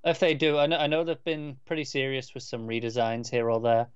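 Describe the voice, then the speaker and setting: A man's voice: medium pitch, a little fast, clean tone, no echo. Wry man on a dull mic. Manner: relaxed, wry, chimes in with corrections. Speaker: podcast co-host. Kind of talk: casual chat.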